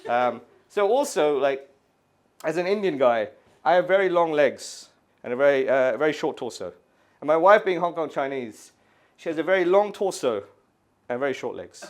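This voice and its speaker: A man in his thirties from the UK doing an animated stand-up set in a gallery, acting out voices and screaming kids. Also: a little high, normal speed. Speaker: stand-up comedian. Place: art gallery before a live audience. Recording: live room with audience laughter.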